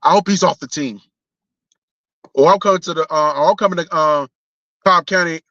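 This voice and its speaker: A man's voice: a little high, a little fast, pushed and bright, dry recording. A young man, ranting casually about sports on a live stream, blunt and profane, often restarting his sentences. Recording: dull lo-fi stream audio.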